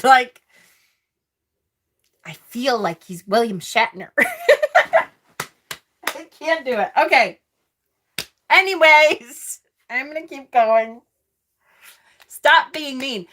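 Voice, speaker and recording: A woman's voice: high-pitched, expressive, takes it slowly, long pauses, a bit bright, slight background noise. A woman hosting a casual tarot live stream, chatty and snarky, laughing often. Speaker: tarot channel host.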